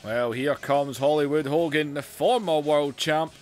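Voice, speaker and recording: A man giving casual, excitable commentary over a wrestling video game. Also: on the high side, measured pace, soft background music. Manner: excitable, amazed reactions. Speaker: gaming YouTuber.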